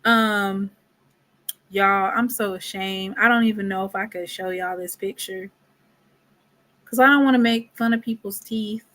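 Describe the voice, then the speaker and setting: A woman's voice: mid-range voice, steady tone, a little slow, bright, forceful tone. A woman giving casual commentary, exasperated and dramatic, dropping into whispered asides. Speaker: commentary vlogger.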